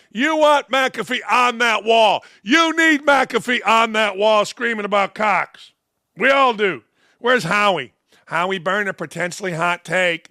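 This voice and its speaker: A man in his sixties hosts a show and delivers a sarcastic, mocking rant, leaning heavily on emphasis. His voice is high, pushed and bright, with clean studio sound and no echo.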